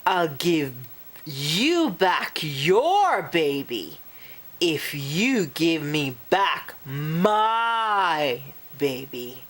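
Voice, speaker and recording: A woman's voice: sits low, sing-song, very slow, voice pushed down, heavily acted. A woman voicing a worried, protective father in a picture-book story, pleading and exasperated.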